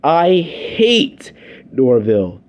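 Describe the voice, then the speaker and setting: A man's voice: medium pitch, wildly swooping pitch, very slow. A young man giving a scripted review, ranting in an exasperated, sardonic way.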